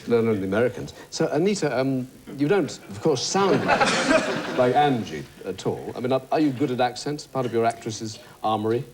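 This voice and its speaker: A man hosting a television chat show, asking quick, teasing questions. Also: medium pitch, lively intonation. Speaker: talk show host. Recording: studio with music and audience.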